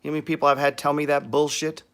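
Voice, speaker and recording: A man's voice: a little high, monotone, rapid-fire, a bit bright, smooth. A man hosting a trading show, talking bluntly with frequent swearing and acting out what other people say. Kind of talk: profane ranting talk on trading.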